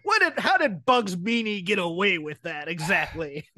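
A man's voice: sits high, animated, normal speed, bright, forceful tone, no echo. A man co-hosting a podcast, chatting casually in a jokey, rambling way with frequent laughter. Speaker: podcast co-host. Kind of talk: casual chat.

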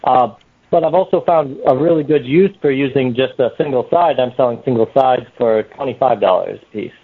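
A man's voice: mid-range voice, brisk, husky. A man from New Hampshire with a New Hampshire accent, a guest on a podcast, explaining plainly with many "uh" starts. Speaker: guest, small parts maker. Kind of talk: casual podcast chat. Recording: tinny phone-line sound.

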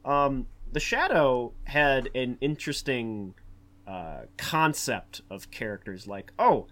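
A man hosting a casual podcast talk about films, rambling with many fillers and restarts, and growing animated as he talks. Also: mid-range voice, slow. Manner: animated, acts out quotes in a raised voice. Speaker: podcast host. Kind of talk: casual film discussion.

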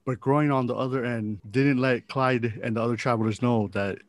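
A man's voice: mid-range voice, steady tone, moderate pace, no echo. A man narrating as game master of a tabletop game, with joking asides and frequent laughs.

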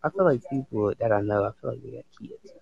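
Gravelly, lively man hosting a live stream. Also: mid-range voice, fast, muffled recording. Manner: laughs a lot, excitable, slangy. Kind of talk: casual live stream chat.

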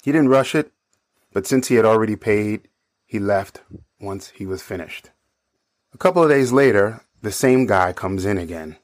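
A man, a bartender, calmly narrating a story from behind the bar. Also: fairly low pitch, normal speed, no echo, clean studio sound.

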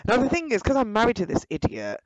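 A young woman, outspoken and animated, talking directly to her listeners in casual storytelling. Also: a little high, fast, no room sound, poor audio. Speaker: guest telling her story.

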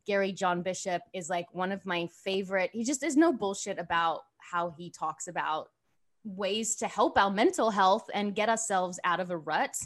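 A woman's voice: mid-range voice, normal speed. A woman in her thirties hosting a podcast, chatty and bubbly, her sentences full of "like". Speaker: podcast host. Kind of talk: casual podcast chat.

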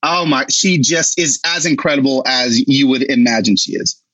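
A man in casual podcast chat, telling stories in a lively way and laughing as he talks. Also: medium pitch, normal speed, no room sound, dull audio. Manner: animated storytelling with laughs. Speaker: guest author.

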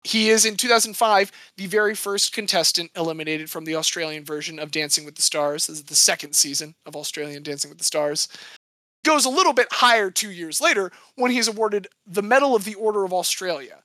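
A woman's voice: fairly low pitch, fairly quick, a bit bright, dry recording. A woman co-hosting a podcast, telling sports history in a casual, jokey way. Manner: chatty, jokey storytelling. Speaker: podcast co-host.

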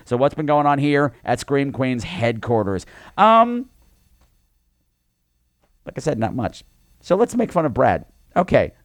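A man co-hosting a podcast, telling a campy story in a casual, animated way. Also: medium pitch, measured pace, long pauses, no echo. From New York. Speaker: podcast co-host. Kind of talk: casual chat.

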